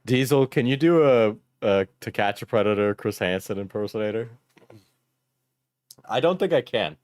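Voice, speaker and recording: A man's voice: on the low side, lively intonation, normal speed, a little mellow, no room sound, clean studio sound. A man streaming, chatting casually and joking crudely while reacting to a video.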